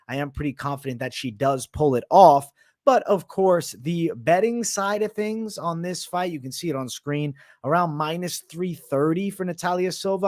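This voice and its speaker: A young man hosts a live MMA betting show, brash, profane and animated, talking back to viewers in casual, profane live-stream commentary. His fairly high voice carries an accent mixing Boston, Canadian and Italian that sounds Boston and New York and is often heard as New York, in a dry, studio-quality recording.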